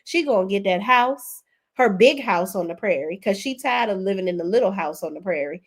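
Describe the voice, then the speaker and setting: A woman in her thirties with a lilt hosts a casual live stream. She reads viewers' comments aloud and answers them in a chatty, gossipy way, with a voice at an ordinary middle pitch. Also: lively intonation, brisk. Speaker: YouTube host reading live chat.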